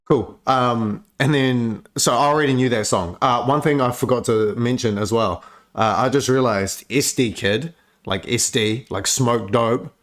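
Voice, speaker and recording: A man's voice: medium pitch, a little slow. A man giving casual, profane reaction commentary on music, chatty and laid-back with lots of filler words.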